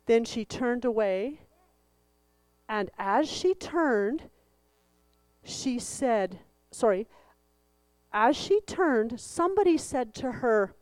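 Slow expressive woman telling a children's story. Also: fairly high pitch, no room sound. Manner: expressive, acts out the voices, leads the group in song. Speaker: children's story leader in church.

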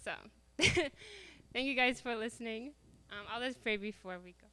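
A woman telling a lively personal story to a church congregation, laughing often as she goes. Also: on the high side, moderate pace, clean tone. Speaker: church speaker.

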